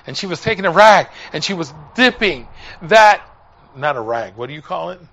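A man's voice: fairly high pitch, very animated, moderate pace, gravelly, fairly bright tone. A man preaching a sermon, telling a story with emotion and hammering points home through repetition.

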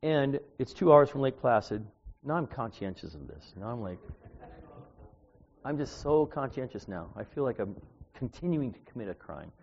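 A man's voice: medium pitch, sing-song, normal speed, gravelly, a little mellow, slight background noise. A man in his sixties preaching an informal, self-deprecating sermon from a church pulpit, with chatty asides to the congregation. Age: 60s. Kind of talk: conversational sermon with personal stories. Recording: dull, echoey church recording.

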